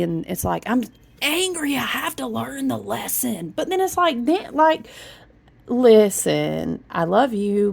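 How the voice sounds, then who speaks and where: A woman with a low, creaky voice gives a casual spiritual reading, chatty and animated, breaking into humming and hushing. She rambles, says y'all, and keeps cutting herself off mid-thought.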